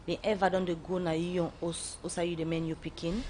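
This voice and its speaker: A woman with a Sierra Leonean Krio accent, hosting a radio program and asking her guest measured, direct questions. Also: lowish voice, flat delivery, noisy background. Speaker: radio host. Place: radio studio.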